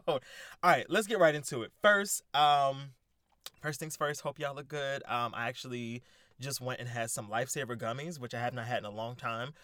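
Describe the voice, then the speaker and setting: An excitable young man hosts a casual solo podcast, swearing freely and bouncing between topics. His voice sits at a middle pitch. The sound is dry and close, with no room echo. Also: normal speed, faint music behind. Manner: excitable, profane, animated. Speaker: podcast host. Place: indoors, sitting in a squeaky chair.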